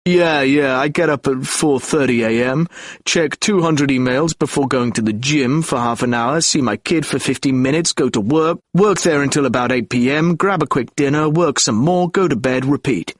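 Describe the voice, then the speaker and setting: A man's voice: medium pitch, normal speed, no room sound, studio quality, close to an everyday voice. A man reading an audiobook voices a pompous male CEO who boasts about his work-addicted routine. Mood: boastful.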